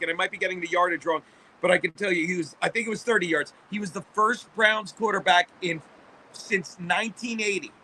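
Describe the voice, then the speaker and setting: A man's voice: sits high, bright, forceful tone, a little hiss or hum. A man in his fifties hosting a casual livestream, reading chat and ranting about football in a profane, rambling way. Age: 50s. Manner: profane, rambling sports rant.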